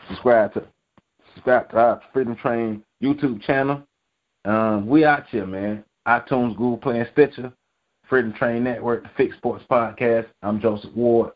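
Angry, profane male podcast host. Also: lowish voice. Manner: angry, profane, repetitive ranting. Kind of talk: profane sports podcast rant. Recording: dull lo-fi podcast audio.

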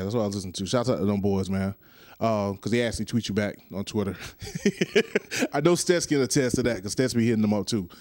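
A young man hosts his own podcast solo, rambling casually and joking with both himself and his listeners. His voice sits on the low side with a slightly mellow quality. The recording is clean studio sound with no room sound.

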